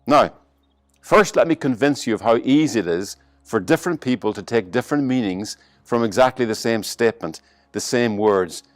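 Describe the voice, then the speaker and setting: A man with an Irish accent preaching a sermon as pastor, pressing hard on some phrases and dropping to a soft, slow hush on others. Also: medium pitch, dry recording. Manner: varies emphasis and pace, slows to a soft hush on key lines.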